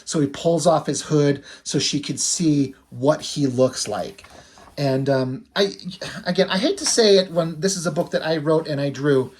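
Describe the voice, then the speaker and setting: Candid, self-critical comic artist. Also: male voice, on the high side, measured pace, slight background noise. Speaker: comic artist and channel host. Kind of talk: casual commentary on his own artwork.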